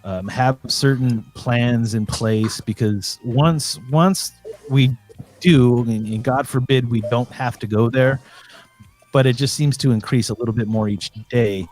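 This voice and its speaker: A man's voice: mid-range voice, unhurried, darkish tone, soft background music. A man calling in from home as a guest, talking in a rambling, earnest way with many fillers and restarts. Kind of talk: casual call-in chat.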